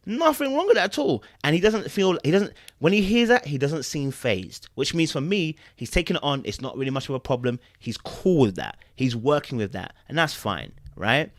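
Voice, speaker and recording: A man's voice: on the high side, a little fast, few pauses, dry recording, clean studio sound. A man, hosting a podcast and giving casual commentary on a dating show, acting out quotes and asking rhetorical questions. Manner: animated, acts out quotes, asks rhetorical questions.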